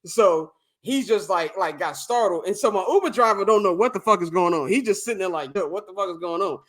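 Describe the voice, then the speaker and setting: Bright, high-voiced man telling a profane story. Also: a little fast. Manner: animated, profane, acts out quoted exchanges. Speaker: podcast co-host. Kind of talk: casual storytelling.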